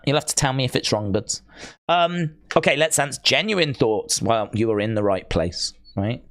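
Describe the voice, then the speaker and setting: Brief: male stream host, rambling and excitable, smooth resonant voice on a dry close mic. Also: mid-range voice, no echo. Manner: excitable, rambling, answers chat messages. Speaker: live stream watch-along host. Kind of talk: casual live-stream chat.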